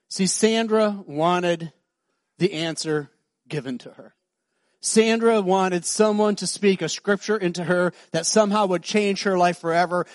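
High-voiced pastor, animated storytelling sermon. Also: male voice, no room sound, clean studio sound. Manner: conversational, animated, acts out dialogue; drops to soft, slow voice for emotional moments.

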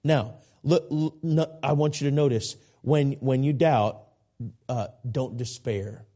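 A man's voice: mid-range voice, slow, mellow. A man in his forties preaching a sermon as a guest preacher, earnest and repetitive, with folksy asides and self-deprecating jokes. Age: 40s.

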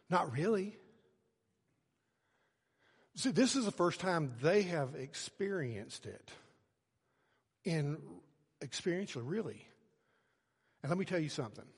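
A middle-aged man preaching a sermon, telling a family story and swinging from soft low phrases to loud shouted words. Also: slightly rough. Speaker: pastor. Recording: long hall reverb.

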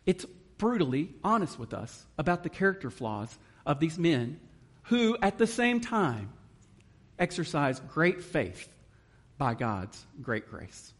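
A man's voice: on the high side, sing-song, takes it slowly. A man preaching a sermon in an earnest manner, reading scripture and explaining it. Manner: earnest, emotional at times, reads scripture aloud. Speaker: guest preacher.

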